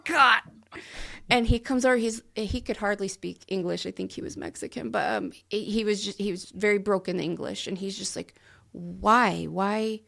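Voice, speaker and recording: A woman co-hosting a podcast who tells stories in an animated way and acts out the quotes in a casual chat. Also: medium pitch, moderate pace, creaky. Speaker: podcast co-host.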